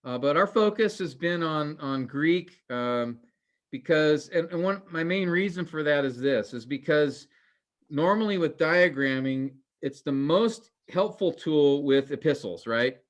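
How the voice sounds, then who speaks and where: Male teacher, relaxed and chatty, earnest, many ums and restarts. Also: on the high side, measured pace. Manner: relaxed and conversational, with frequent fillers and restarts; earnest, cautionary. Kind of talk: informal class lecture.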